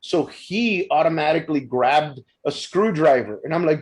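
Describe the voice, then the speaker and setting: A man in his thirties of Mexican-American background, telling stories in a casual podcast chat, animated and stumbling over his words. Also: a little high, normal speed. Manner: animated storyteller, frequent restarts and stumbles.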